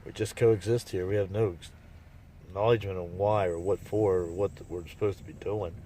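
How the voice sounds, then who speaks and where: Low-voiced man rambling folksily. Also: fairly even intonation, fairly quick, dark tone, slight background noise. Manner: rambling, folksy, restarts and trailing asides. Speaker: vlogger. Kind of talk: casual rambling monologue.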